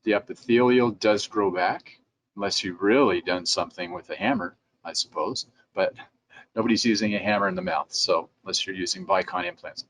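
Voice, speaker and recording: A middle-aged man, president of a dental lab, gives dentists an instructional talk in a conversational way, at times performing their replies in quotes. His lowish voice is animated, brisk and a bit bright. A little hiss or hum is present.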